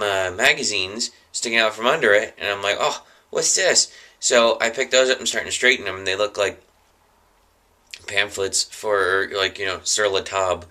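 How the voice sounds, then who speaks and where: A man telling a story casually to his camera, rambling with plenty of fillers. His voice sits on the low side but has a bright, tense edge. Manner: rambling, filler-heavy, chuckling. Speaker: vlogger.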